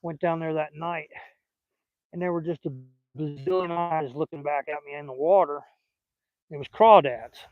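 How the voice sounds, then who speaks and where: A man's voice: a little high, moderate pace, long pauses, no room sound, narrow, tinny audio. An older man with a Southern US accent, rambling in a folksy, casual way while fishing outdoors at a lake. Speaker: fishing vlogger.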